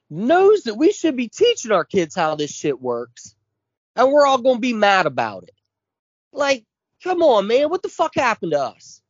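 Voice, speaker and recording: A man's voice: high-pitched, huge pitch swings, normal speed, no room sound, lo-fi sound. A man in his forties co-hosting a podcast, ranting with constant swearing and heavy emphasis. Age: 40s. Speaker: podcast co-host. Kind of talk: casual chat.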